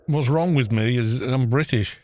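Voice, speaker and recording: While streaming a game, a man from Wales with a Welsh accent talks at a normal speed in a medium-pitched, darkish voice. His live-stream chat is casual and rambling, sprinkled with jokey asides.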